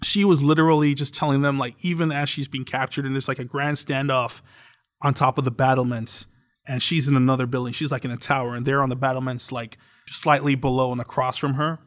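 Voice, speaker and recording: A young man co-hosting a podcast, chatting casually and telling a story with lively acted-out quotes. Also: medium pitch, fairly quick. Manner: animated storytelling, acts out quotes. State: tearing up. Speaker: podcast co-host. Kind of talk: casual chat.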